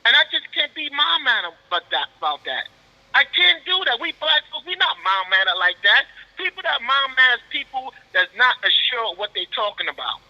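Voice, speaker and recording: Guy with a super high sharp voice arguing, stammers, keeps going true true, dull lo-fi sound. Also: very animated, normal speed, long reverb tail. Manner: repetitive, stammers, says "true, true". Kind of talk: heated casual debate.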